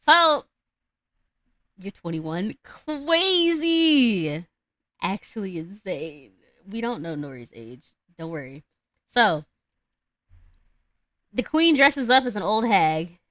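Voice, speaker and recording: Young female streamer, rambling and slangy, bright voice, dry close mic. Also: on the low side, big pitch swings, slow, long pauses, no room sound. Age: young adult. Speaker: streamer and storyteller. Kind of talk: casual live-stream storytelling.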